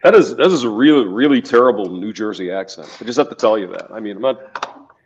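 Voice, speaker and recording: A man's voice: on the low side, animated, quick pace, husky. A man in a casual chat, laid-back and teasing. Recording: dull lo-fi sound.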